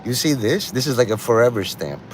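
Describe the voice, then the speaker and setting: A man rambles through a loose, profane livestream monologue and keeps laughing at his own jokes. His voice sits at an ordinary middle pitch. Faint traffic hums behind him outdoors. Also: expressive, a little fast. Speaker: livestream host.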